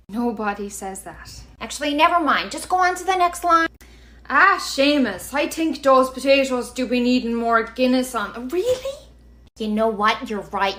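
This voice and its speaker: A woman's voice: on the high side, bright, forceful tone, exaggerated voice. A woman with an Irish accent acting out both sides of an audition sketch, an Irish actress and a pushy casting director. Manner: switches between two characters in quick exchanges. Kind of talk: comedy sketch from a short video.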